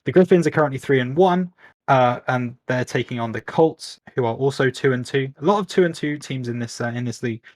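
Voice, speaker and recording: A man's voice: medium pitch, a little fast, a little mellow, no echo. A man from the UK with a British accent, hosting and casting a casual esports league stream in an upbeat, chatty, self-mocking way. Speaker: league host and caster.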